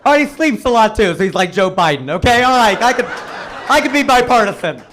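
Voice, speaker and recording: Animated male stand-up comic, fairly high voice. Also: a crowd in the background, background noise. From United States. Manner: quick, animated punchlines with jumps in pitch. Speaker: stand-up comedian. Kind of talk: stand-up comedy set. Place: comedy venue with a live audience. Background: audience laughter.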